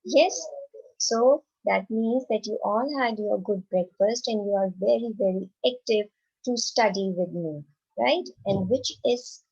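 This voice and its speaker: Slow, encouraging woman teacher. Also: mid-range voice, darkish tone, lo-fi sound. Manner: encouraging, asks and answers her own questions; reads example sentences very slowly and clearly. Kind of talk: slow, simple classroom lesson for young children.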